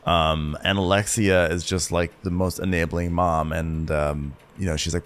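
A man co-hosting a casual show recap, with wry, deadpan commentary. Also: low voice, moderate pace, few pauses. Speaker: podcast co-host.

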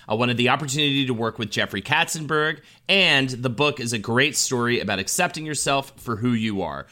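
A man's voice: medium pitch, sharp tone. A man co-hosting a podcast, reading film history notes with enthusiastic, gushing asides. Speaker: podcast co-host.

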